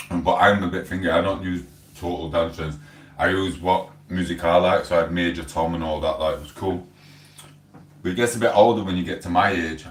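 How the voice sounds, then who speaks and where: A middle-aged Englishman with a low voice hosts a laid-back home livestream, chatting loosely as he eats and reads out chat. The mic sits away from him, giving a roomy sound.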